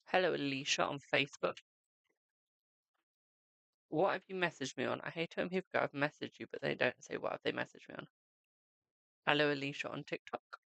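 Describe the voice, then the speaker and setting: A man's voice: fairly high pitch, fairly quick, vocal fry, pauses often, fairly bright tone, dry recording. A man streaming live, reading tarot cards and chatting with viewers, calling them "my darling". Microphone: desk microphone.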